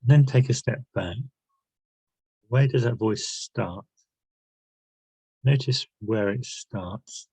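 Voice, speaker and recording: A man's voice: mid-range voice, takes it slowly, long pauses, a little mellow, husky, dry recording, low-quality recording. A man leading a self-help workshop, talking through guided reflection with many questions and restarts. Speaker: workshop leader.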